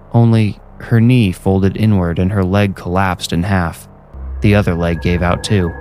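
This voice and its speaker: A man's voice: deep voice, a little mellow. A man narrating a first-person horror story in a dry, matter-of-fact way. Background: faint music.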